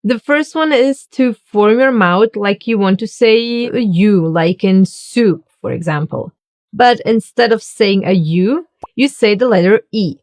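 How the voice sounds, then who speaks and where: A woman giving a scripted language lesson, speaking slowly and deliberately as she demonstrates each sound. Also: medium pitch, a little mellow. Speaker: German teacher.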